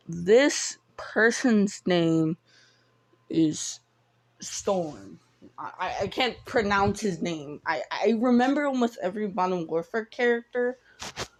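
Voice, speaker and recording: Slow, rambling woman telling a story. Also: medium pitch. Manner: rambling, stumbling, lots of fillers and restarts; offhand swearing. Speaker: fan storyteller. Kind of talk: casual story retelling.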